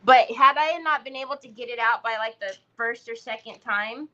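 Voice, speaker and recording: This craft livestream host, a middle-aged woman, talks casually and shares stories with her viewers as she works. Her fairly high voice comes at a moderate pace, pushed and bright, with the highs cut off.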